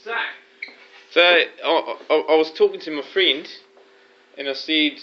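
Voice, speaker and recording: A man in an improvised comedy skit, loud and stammering, repeating his words, recorded on a home video camera. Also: fairly high pitch, unhurried, muffled recording, a little hiss or hum.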